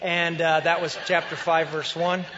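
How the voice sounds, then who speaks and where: A man preaching a sermon as pastor, in a conversational, animated way. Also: fairly high pitch, measured pace, big-room sound, dull audio, a little hiss or hum.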